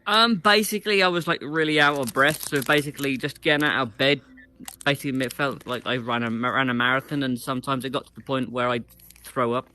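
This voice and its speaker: A man in his twenties answering interview questions in a halting way, often saying basically. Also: mid-range voice, fairly even intonation, pushed and bright, a little hiss or hum. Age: 20s. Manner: halting, says basically a lot. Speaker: guest.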